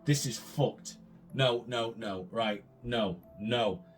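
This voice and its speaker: A man's voice: medium pitch, takes it slowly, faint music behind. A man hosting a gaming video, reading a story aloud and ranting about it in sweary, disbelieving asides. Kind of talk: casual let's-play commentary and reading aloud.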